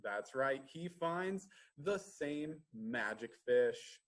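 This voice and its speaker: A man reading a story aloud at a children's storytime, asking the listeners questions with drawn-out pauses. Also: mid-range voice, expressive, a bit bright. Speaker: library storytime reader.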